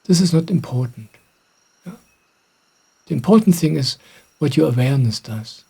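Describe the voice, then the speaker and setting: A middle-aged man, a spiritual teacher, calmly answering questions in a gentle, reflective way. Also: on the high side, normal speed, vocal fry, husky. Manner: gentle, reflective, soft-spoken. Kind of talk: calm satsang answering questions.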